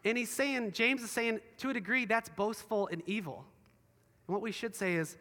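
Guy preaching casual style in a church, high bright voice, lots of hall echo. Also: moderate pace. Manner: chatty, asks the room for assent. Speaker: pastor. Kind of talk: conversational sermon. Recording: long hall reverb.

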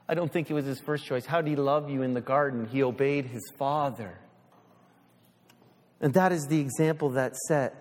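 A man preaching a sermon as pastor, animated, slipping into little voices, then easing into a quiet prayer. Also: mid-range voice, normal speed. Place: church sanctuary. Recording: long church reverb.

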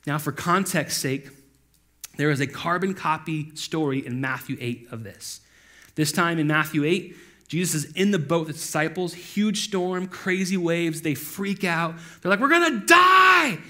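A man preaching a casual sermon in a conversational way, full of asides, who acts out quoted voices with sudden loud outbursts. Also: on the high side, unhurried. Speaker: pastor.

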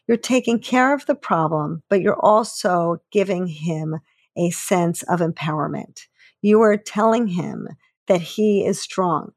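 Calm encouraging woman podcast host. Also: mid-range voice, dry recording, studio quality. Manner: calm, encouraging, gives everyday examples. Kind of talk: explanatory podcast monologue.

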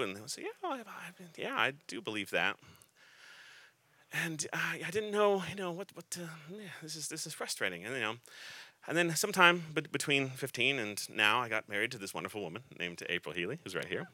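Bright, dry-voiced man preaching casually. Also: medium pitch, big pitch swings, no room sound. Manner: conversational, halting with restarts and light humor. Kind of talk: sermon.

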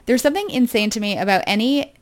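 Young woman, very lively pitch, chatty and animated, casual podcast talk. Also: fast. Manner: animated, restarts phrases, laughs easily. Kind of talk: casual chat.

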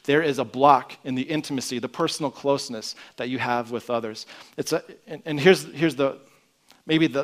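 A man preaching a sermon in an earnest way, often dropping to a quiet emphasis at the ends of phrases. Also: mid-range voice. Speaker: pastor.

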